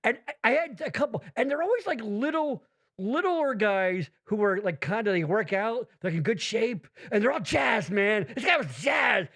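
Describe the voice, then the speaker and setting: A man with a high voice hosts a casual podcast chat. He rambles, swears freely and acts out other people's lines with bouncy put-on voices. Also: moderate pace. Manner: rambling, profane, animated storytelling with put-on voices. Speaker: podcast host.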